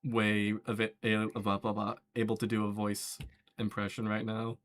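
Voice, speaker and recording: A man hosting a casual voice chat, his voice worn out and hoarse, with a laid-back, self-mocking manner. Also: on the low side, monotone, normal speed, fairly bright tone.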